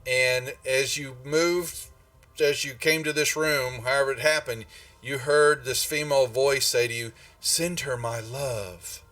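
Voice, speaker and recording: A man narrating as game master in a tabletop game, speaking in a halting way with many restarts. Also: mid-range voice, steady tone, bright, forceful tone, far from the mic.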